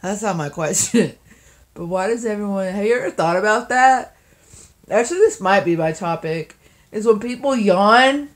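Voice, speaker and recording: A tired young woman vlogging casually, rambling and giggling, often trailing off into soft mumbles. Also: medium pitch, moderate pace.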